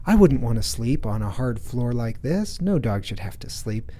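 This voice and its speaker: A man's voice: medium pitch, big pitch swings, normal speed, mellow. A man quoting his kind-hearted seven-year-old daughter in his own everyday voice, with no real put-on voice. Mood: earnest. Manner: plain retelling of a child's words.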